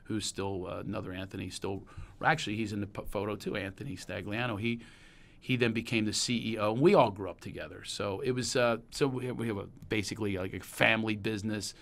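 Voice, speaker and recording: A man's voice: lowish voice, quick pace, gravelly. Rambling storyteller man, Pennsylvania accent. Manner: rambling and storytelling, animated when recalling anecdotes. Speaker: podcast host. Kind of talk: casual chat.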